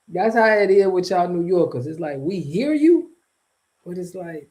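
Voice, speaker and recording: A man's voice: high-pitched, wildly swooping pitch, slow, long pauses, warm tone, rough recording. A man hosting a casual livestream, talking back to his chat in a loose, slangy, rambling way with frequent laughs. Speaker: streamer and channel host.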